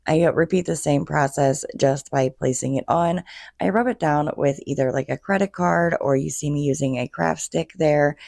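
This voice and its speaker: A woman narrating a casual DIY craft tutorial in a chatty, gushing way, her voice slightly hoarse. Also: low-pitched, mellow. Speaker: DIY home decor creator.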